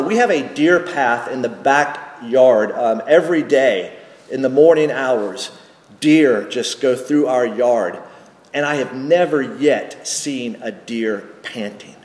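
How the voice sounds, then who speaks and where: Slow-preaching man in echoey church. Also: mid-range voice, darkish tone. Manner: slow, deliberate preaching with restarts and rhetorical questions. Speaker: pastor. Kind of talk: sermon. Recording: echoey church hall with long reverb.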